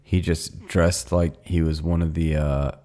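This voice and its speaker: A man's voice: very deep voice, little pitch movement, warm tone. A man co-hosting a casual comedy podcast, teasing his partner, drawing words out and swearing. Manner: teasing, drawn-out emphasis, profane. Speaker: podcast co-host.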